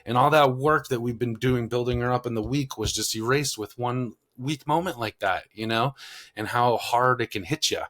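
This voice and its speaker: A man's voice: mid-range voice, normal speed. Male podcast co-host, mid-range voice, loose rambling storyteller. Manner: rambling, many fillers, animated when quoting himself. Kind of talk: casual conversational storytelling.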